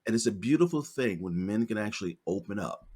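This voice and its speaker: A male podcast host with a very deep voice and a husky edge. He talks in a relaxed, candid way. He chats casually and shares his own stories. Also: fairly quick. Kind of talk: casual conversation.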